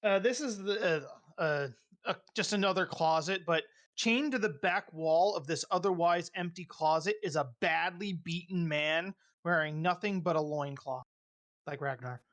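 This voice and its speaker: Game master, casual halting narration at an even middle pitch. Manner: casual, halting, lots of fillers.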